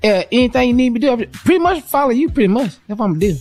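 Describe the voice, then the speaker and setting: A man co-hosting a radio morning show, talking in a playful, animated way. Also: very high-pitched, rapid-fire, faint music behind.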